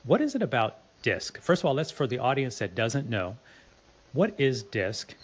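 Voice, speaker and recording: A man's voice: mid-range voice, big pitch swings, normal speed, slightly rough. A man hosting a podcast interview, chatting earnestly and restarting his words often. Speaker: podcast host. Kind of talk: casual interview chat.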